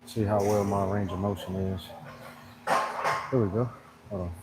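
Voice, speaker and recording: A low-voiced man chats casually at the gym, rambling through a story and breaking into laughter. His recording carries plenty of background noise. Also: steady tone, normal speed. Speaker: fitness vlogger. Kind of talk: casual chat. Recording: noisy background.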